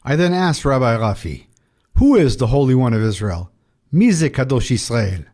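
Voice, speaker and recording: A man's voice: mid-range voice, big pitch swings, normal speed, darkish tone. A man, a Messianic rabbi, gives a ministry outreach update and reads scripture aloud in a preaching manner.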